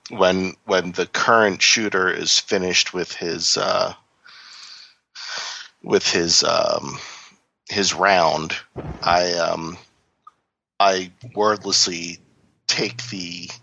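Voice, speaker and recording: A man describing his character's actions in a tabletop game, hesitant and deliberate. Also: sits low, level tone, creaky, bright, forceful tone, no room sound. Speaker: player. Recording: dull lo-fi sound.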